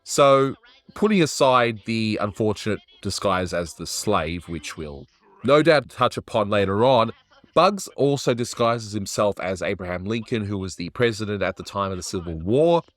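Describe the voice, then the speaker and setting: A man's voice: on the low side, a bit bright, no echo. A man hosting a cartoon review, chatting casually with wry asides.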